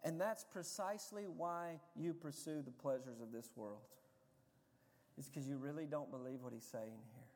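A pastor preaching a sermon, swinging from hushed, intimate stretches to loud, fervent ones. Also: male voice, on the high side, moderate pace, long reverb tail.

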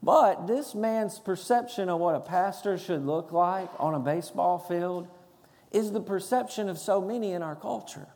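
A man serving as pastor delivers a sermon with an earnest, emphatic cadence. His voice sits high for a man. The sound carries the long reverb of a large sanctuary. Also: moderate pace, darkish tone. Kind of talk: sermon with prayer and storytelling. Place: church sanctuary.

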